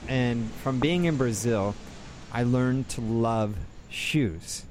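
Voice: medium pitch, takes it slowly, darkish tone, a little hiss or hum, low-quality recording. A podcast co-host who teases the guests and asks them questions in casual banter.

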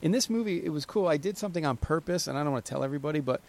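A man's voice: on the high side, very fast, vocal fry. A man co-hosting a podcast, telling stories in casual, profane chat. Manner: swearing, storytelling, animated. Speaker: podcast co-host, film director.

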